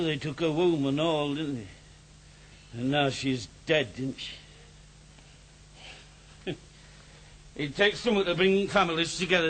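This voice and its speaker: A man's voice: on the high side, fairly bright tone, low-quality recording. An actor playing a drunken, grieving older father, rambling in dialect with thee and thou. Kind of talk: radio drama.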